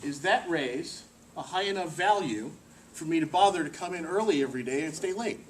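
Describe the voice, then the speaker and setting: A man gives a workplace presentation in a meeting room, lively and joking, tossing questions to the audience. His voice sits a touch high for a man and comes from a distant mic. A faint hiss runs under it. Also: a little fast.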